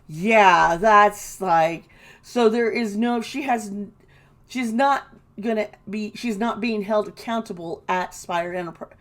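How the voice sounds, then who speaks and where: A woman giving casual, indignant commentary, swearing and mocking the people she quotes. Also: medium pitch. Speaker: tarot reader and commentator.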